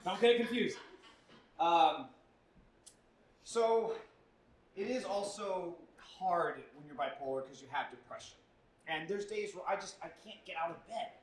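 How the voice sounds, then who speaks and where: A man's voice: high voice, unhurried, long pauses. Self-deprecating comedian man, echoey stage. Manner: self-deprecating, punchy delivery with put-on voices. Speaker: stand-up comedian. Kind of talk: stand-up set. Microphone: handheld mic. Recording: echoey club from a distance.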